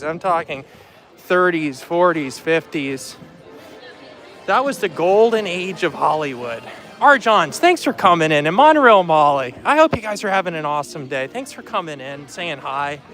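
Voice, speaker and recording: A man with a slightly high, somewhat bright voice hosts a relaxed live vlog in a theme park. Phone in hand, he walks along chatting and greeting viewers by name.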